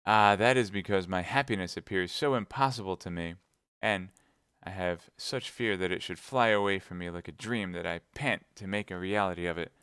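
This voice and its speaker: A man reading aloud voicing a young swaggering swordsman in a gallant, emphatic tone with his pitch raised. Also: normal speed, fairly bright tone, clear, resonant tone, dry recording, studio quality. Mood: ardent. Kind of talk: audiobook reading live.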